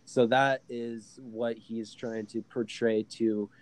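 A man's voice: medium pitch, takes it slowly, rough recording. A man co-hosting a casual podcast chat, telling stories with lots of fillers. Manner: animated storyteller, many fillers. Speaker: podcast co-host.

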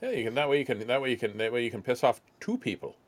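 A male comedian guest on a podcast, rambling through deadpan jokes and stories. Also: mid-range voice, very fast.

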